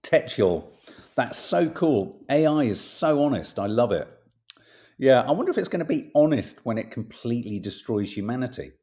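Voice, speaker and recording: A man's voice: mid-range voice, sing-song, moderate pace, mellow. A man hosting a casual podcast, reading tabloid stories aloud with playful emphasis and jokey asides, swearing now and then.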